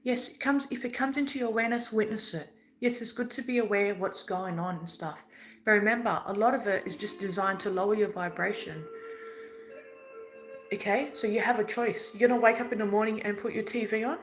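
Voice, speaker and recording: A woman's voice: medium pitch, fairly quick, faint music behind, low-quality recording. A woman giving an earnest, preachy spiritual talk in a casual way, swearing now and then. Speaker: spiritual vlogger.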